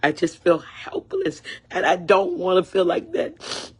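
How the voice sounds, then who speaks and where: Husky older woman ranting angrily. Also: lowish voice, sing-song, unhurried, darkish tone. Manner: angry, repetitive, profane. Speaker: livestreamer. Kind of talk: angry livestream rant.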